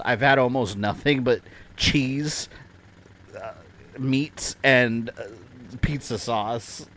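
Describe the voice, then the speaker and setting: A man's voice: mid-range voice, a bit bright. A man chatting casually at his home desk while livestreaming a game, rambling and joking at his own expense. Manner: chatty, rambling, self-deprecating. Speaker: game streamer.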